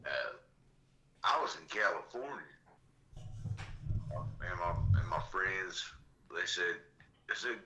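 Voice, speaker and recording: A man co-hosting a podcast, rambling in a halting way with many fillers. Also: low-pitched, bright, forceful tone, slight background noise, low-quality recording. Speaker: podcast co-host. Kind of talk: casual chat.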